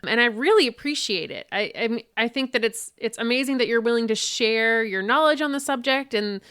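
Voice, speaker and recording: Woman podcast host, warm and appreciative, bright, crisp voice. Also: on the high side, brisk. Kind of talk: interview.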